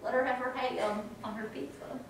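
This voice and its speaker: A woman teaching a music education class in a casual, animated way, now and then singing short rhymes. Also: a little high, moderate pace, a little hiss or hum. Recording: echoey room, mic from a distance.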